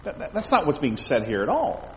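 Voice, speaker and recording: A man's voice: on the high side, huge pitch swings, a little fast, fairly bright tone. A man teaching a Bible study class. He reads scripture aloud, asks his listeners questions and often repeats words while he thinks. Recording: echoey hall with faint background noise.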